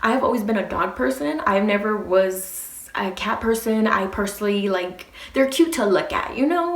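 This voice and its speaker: A young woman tells a story to her channel in a lively, unfiltered way, swearing and acting out the people in it. Her voice sits at a middling pitch. The room around her rings with an echo. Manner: animated, swears freely, acts out quotes. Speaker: vlogger. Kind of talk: casual storytime.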